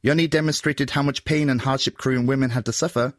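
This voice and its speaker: Male voice-over translator, even and mid-pitched. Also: fast talker, no echo, studio quality. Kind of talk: scripted voice-over.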